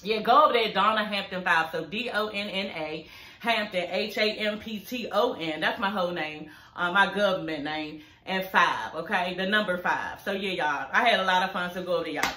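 Woman vlogger, home review channel, bright tone, casual and profane, slight room echo. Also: fairly low pitch, moderate pace. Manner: profane, talks straight to viewers. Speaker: YouTube show reviewer. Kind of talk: casual chatty review vlog. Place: home, filming in front of her TV. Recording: roomy echo.

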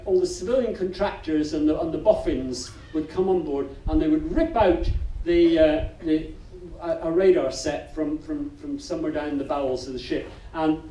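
An older folk singer sings a shanty and then tells a tale on stage in a wry, rambling way, full of restarts. His voice sits high for a man. The live recording sounds roomy and distant, with faint festival ambience behind it. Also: dark tone. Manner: wry, chatty storyteller with many restarts. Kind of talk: live concert singing and storytelling.

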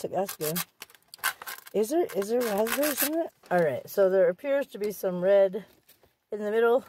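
A woman's voice: mid-range voice, warm tone, a little hiss or hum. Chatty woman vlogging from a car. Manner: chatty, playful and upbeat. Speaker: vlogger and mother. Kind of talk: casual family vlog chat. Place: in a parked car.

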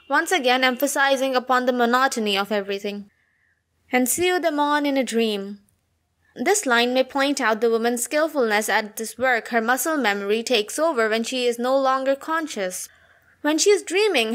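A woman reading out an analysis of a poem, slowing down for the quoted lines. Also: fairly high pitch. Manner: reads quoted lines slower and softer. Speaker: poetry analysis narrator. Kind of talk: read-aloud literary analysis.

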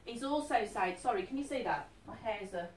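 A woman's voice: a little high, a little fast. Chatty woman in her fifties. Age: 50s. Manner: chatty, animated, keeps checking in with the listener. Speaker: medium. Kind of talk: live stage reading to an audience. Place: event hall. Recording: echoey hall, distant mic.

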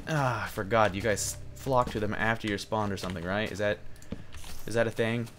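This young gaming video host rambles through a chatty Let's Play, getting jumpy and yelping whenever monsters leap at him. His voice is fairly low and fairly bright, with a steady tone and a fairly quick pace, over soft background music.

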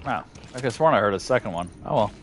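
A man's voice: lowish voice, expressive, quick pace, background noise. A man streaming a horror game live, talking it through in a put-on English accent, swearing freely and chatting to the monsters. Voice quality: mock Cockney-style voice, swears freely, talks to himself and the monsters. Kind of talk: live gameplay commentary.

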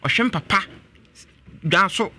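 A man phones in to a talk show to tell a story about his family. He speaks haltingly with many fillers, in a bright voice whose pitch leaps about. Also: lively intonation. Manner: hesitant, full of "eh" fillers. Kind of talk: telling a family story on a call-in.

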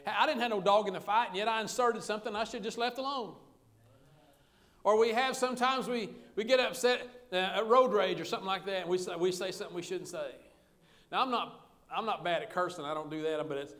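A pastor preaches in a relaxed, joking, conversational manner. His voice sits high for a man. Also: brisk. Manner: folksy, conversational preaching with humor. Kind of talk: sermon.

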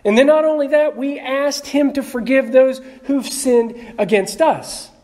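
A man's voice: very high-pitched, unhurried, darkish tone. A male pastor giving a conversational sermon in a church, calling on people in the pews by name and asking them questions. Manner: conversational, calls on the congregation with questions and jokes. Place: church sanctuary.

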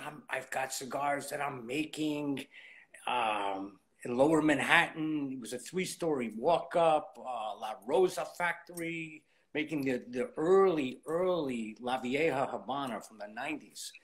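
An interview guest in his late fifties speaks in a mid-range voice without hurrying. He shares his story casually, reenacting old exchanges as he talks.

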